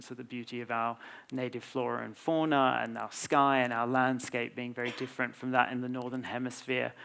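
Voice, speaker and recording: Gravelly flat-voiced Australian man. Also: mid-range voice. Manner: thoughtful, explanatory, with frequent ums. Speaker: composer, guest. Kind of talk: live public conversation.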